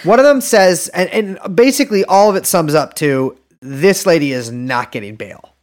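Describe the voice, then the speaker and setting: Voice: medium pitch, lively intonation, moderate pace, a little mellow. Podcast cohost, voice bouncing up and down, dry wry remarks. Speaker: podcast co-host. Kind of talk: casual chat.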